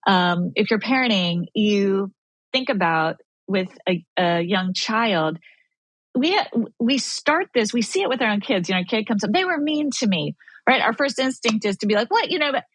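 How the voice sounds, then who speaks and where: A woman's voice: mid-range voice, animated, normal speed, fairly bright tone, no echo, rough recording. A woman speaking as a guest expert on a podcast, earnest and coaching, acting out inner dialogue as she explains. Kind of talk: podcast conversation.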